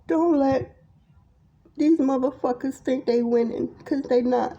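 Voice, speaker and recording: High-voiced woman, blunt and profane. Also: a little slow, mellow, lo-fi sound. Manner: blunt, profane, impassioned pep talk. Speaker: tarot reader. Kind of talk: tarot reading monologue to viewers.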